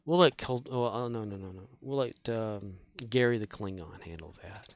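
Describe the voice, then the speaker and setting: A man's voice: on the low side, normal speed, a little hiss or hum. A man streaming a game, chatting casually in a meandering, folksy way with many fillers and restarts and some mild swearing. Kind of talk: casual rambling chat while gaming.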